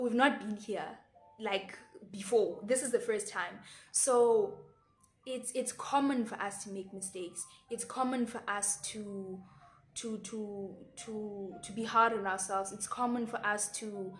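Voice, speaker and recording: Earnest young South African woman vlogging. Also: fairly high pitch. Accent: South African, Xhosa. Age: 20s. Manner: earnest, repeats words, switches into Xhosa phrases. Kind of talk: casual reflective advice to camera. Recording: echoey room with faint background music.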